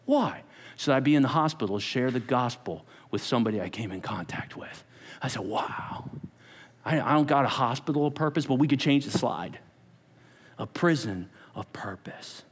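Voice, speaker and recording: A man preaching a sermon as pastor, animated, acting out quotes and dropping to whispers. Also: mid-range voice, brisk, breathy edge. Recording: long hall reverb.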